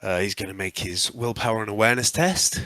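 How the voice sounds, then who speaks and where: A man running a tabletop game as game master, narrating with frequent um pauses. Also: lowish voice, pushed and bright, no echo.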